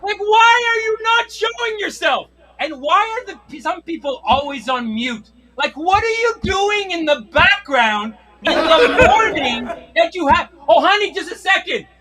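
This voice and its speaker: A man's voice: extremely high pitch, big pitch swings, unhurried, few pauses, sharp tone, some chatter behind. A middle-aged man doing a stand-up routine, ranting in exasperation with frequent swearing. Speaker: stand-up comedian. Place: comedy stage.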